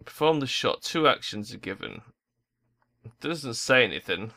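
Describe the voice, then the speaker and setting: A young man, a gaming YouTuber, swears his way through frustrated commentary on a football tactics game. His medium-pitched voice is expressive and bright, with a forceful edge, and he speaks at a moderate pace.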